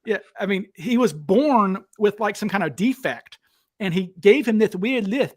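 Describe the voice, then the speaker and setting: A Southern man with a fairly high voice talks bluntly and combatively as he hosts a live discussion. He is animated and quick to call claims false. The sound is dry and close. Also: dry recording. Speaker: host. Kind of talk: heated livestream discussion.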